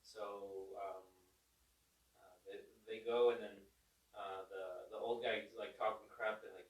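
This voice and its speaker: A man's voice: lowish voice, moderate pace. A man hosting a casual podcast, eagerly retelling funny movie scenes with quoted lines. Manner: animated storyteller retelling comedy scenes. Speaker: podcast host. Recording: roomy room, distant mic.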